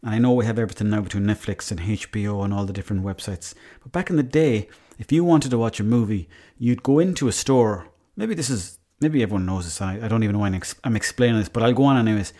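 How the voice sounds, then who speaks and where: A man's voice: fairly low pitch, fast talker, hardly any pauses, dark tone. A man with an Irish accent telling a rambling, self-mocking story, swearing casually as a podcast host.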